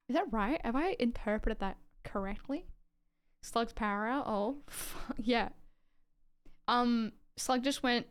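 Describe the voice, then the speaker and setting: Australian woman streamer, smooth voice. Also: fairly high pitch, unhurried. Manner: reads legal text aloud, then chats offhand with viewers and swears casually. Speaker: livestreamer. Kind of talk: casual livestream chat and reading aloud.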